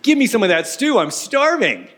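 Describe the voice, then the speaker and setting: A man's voice: high-pitched, wildly swooping pitch, moderate pace, a bit bright, voice pushed up, exaggerated voice. A man voicing a famished, impatient young hunter in a pleading, whiny way. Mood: starving.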